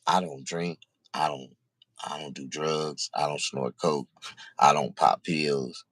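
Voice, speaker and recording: Deep-voiced man ranting profanely. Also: fairly even intonation, takes it slowly, a bit bright, no room sound. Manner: profane, rambling, confessional. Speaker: vlogger. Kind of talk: casual ranting monologue.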